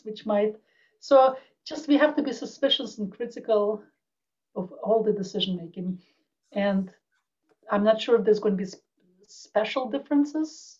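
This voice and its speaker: A woman's voice: mid-range voice, a little mellow. A woman panelist and instructor answering in a panel discussion, reflective and thinking aloud over a video call. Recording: dull lo-fi audio.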